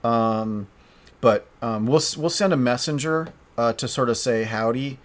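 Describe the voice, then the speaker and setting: A man playing a tabletop game solo, narrating as he thinks aloud, halting and restarting often. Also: mid-range voice. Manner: halting, hesitant, frequent restarts.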